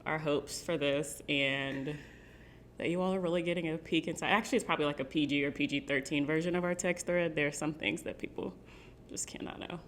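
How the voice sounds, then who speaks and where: A woman with a fairly low voice co-hosts a podcast, talking loosely and padding her thoughts with "like." There is a faint hiss of noise under her voice. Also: fairly even intonation, fairly quick. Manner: chatty, lots of "like" fillers. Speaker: podcast co-host. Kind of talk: casual chat.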